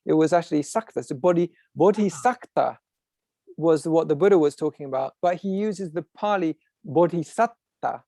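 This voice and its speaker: A man's voice: fairly high pitch, normal speed, mellow, no room sound, studio quality. A man hosting an online discussion group who explains things in a professorial way, with frequent restarts and asides over a video call. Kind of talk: casual explanatory talk.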